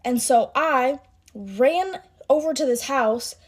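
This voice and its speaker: A young woman telling a personal story in a chatty, animated way, as a get-ready-with-me storytime vlog. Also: high voice, slow. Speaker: content creator.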